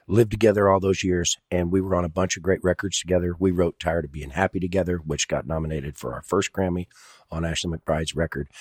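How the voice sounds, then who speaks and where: A male songwriter talks through his stories on an interview show in a radio studio. His voice sits very low and sounds husky. The recording is dry and close, with a smiling, storytelling manner. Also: no room sound. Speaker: songwriter guest. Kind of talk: casual interview talk.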